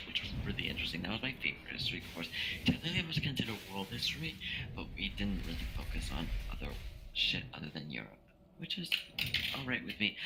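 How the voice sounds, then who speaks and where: A young man, clearly drunk, rambles through a long story in a somewhat low voice, cursing at nearly every turn. His voice chat line carries a steady hiss of background noise. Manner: rambling, slurred, swears constantly. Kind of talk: casual chat with friends over voice chat.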